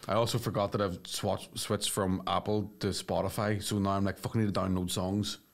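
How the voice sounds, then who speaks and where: A man with a Northern Irish accent, co-hosting a podcast, telling a story in a sweary, animated way. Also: low voice, a little fast, gravelly. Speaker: podcast co-host and comedian. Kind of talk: casual comedic chat.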